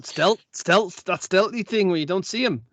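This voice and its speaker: A man's voice: high-pitched, moderate pace. A man playing in a tabletop game, chatting casually and cracking jokes. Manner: jokey, rambling with fillers. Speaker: player.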